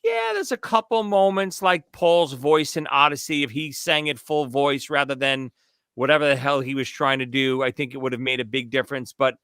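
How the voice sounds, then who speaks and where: A man's voice: mid-range voice, lively intonation, moderate pace, bright, forceful tone, clear, resonant tone, no room sound, studio quality. A man co-hosting a music podcast, talking enthusiastically and with emphasis. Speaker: podcast co-host. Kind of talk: casual chat.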